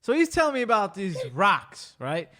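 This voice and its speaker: Lively, animated male podcast host. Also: high voice. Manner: animated storyteller, rapid bursts, swears freely. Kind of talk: casual chat.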